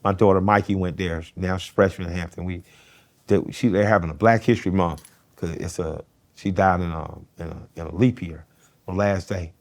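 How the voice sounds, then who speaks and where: A man's voice: sits low, steady tone, normal speed. A middle-aged man, a guest in an interview, telling a personal story in a plain-spoken, earnest way and swearing casually.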